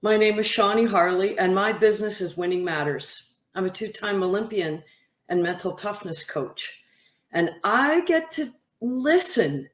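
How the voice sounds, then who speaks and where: A woman's voice: a little slow, roomy sound. A woman who is a mental toughness coach, giving advice to camera and acting out what young athletes tell her. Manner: animated, acts out athletes' quotes in a higher voice. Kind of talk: talking to camera, advice monologue.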